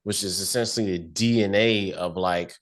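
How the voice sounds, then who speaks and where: A man co-hosting a casual podcast episode review, relaxed and slangy, thinking aloud with lots of fillers. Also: sits low, normal speed. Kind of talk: casual chat.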